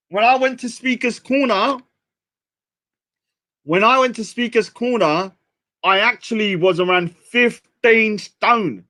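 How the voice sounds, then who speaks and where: Young British man hosting a livestream, rambling and self-mocking, bright and fairly high voice. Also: a little slow. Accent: British English. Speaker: livestream host. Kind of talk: casual livestream chat.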